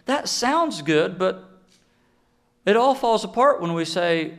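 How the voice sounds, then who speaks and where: A man preaching a sermon in an emphatic way, slowing down to stress key phrases. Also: sits high, lively intonation. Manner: emphatic, with deliberate slowed phrases.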